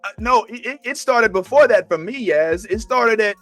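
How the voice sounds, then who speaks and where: A man co-hosting a live chat, animated, rambling with restarts and acting out quotes. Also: high voice, normal speed, dry recording, soft background music. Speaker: podcast co-host.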